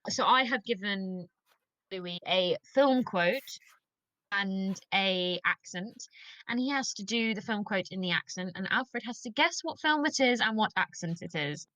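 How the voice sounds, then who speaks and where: A woman's voice: medium pitch, unhurried, pushed and bright, dry recording, highs cut off. A woman co-hosting a comedy podcast and running its games, giggly as she explains the rules. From England. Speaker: podcast co-host and game master. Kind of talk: casual podcast chat.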